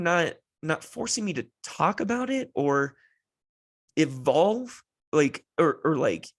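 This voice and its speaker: Gravelly-voiced man telling a heartfelt story. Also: on the high side. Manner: heartfelt, rambling, many restarts and fillers. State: emotional, close to tears. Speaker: podcast host. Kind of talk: personal storytelling monologue.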